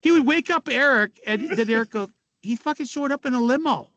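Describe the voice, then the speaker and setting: A middle-aged man with a fairly high voice spins rowdy locker-room stories as a podcast guest, laughing and cursing as he goes. The sound is dry and close, with no room around it. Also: brisk, dry recording, lo-fi sound. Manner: animated, laughing, swearing storyteller. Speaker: former hockey player, podcast guest. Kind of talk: casual storytelling.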